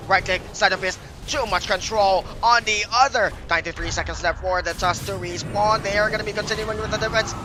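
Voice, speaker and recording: A young man calling a live esports match in rapid, excitable play-by-play. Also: high voice, background noise. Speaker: esports shoutcaster.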